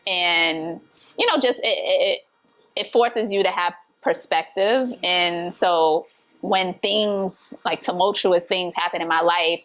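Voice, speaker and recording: A woman's voice: fairly low pitch, takes it slowly, a bit bright. A woman hosting a casual conversation, speaking reflectively and searching for words. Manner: reflective, searching, many fillers. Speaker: host.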